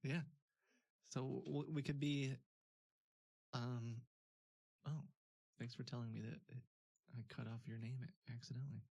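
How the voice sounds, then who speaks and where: A man's voice: medium pitch, flat delivery, a little slow, creaky, long pauses, a little mellow, dry recording. A man hosting a stream, chatting casually, laughing often, with many fillers. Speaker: streamer host. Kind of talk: casual chat.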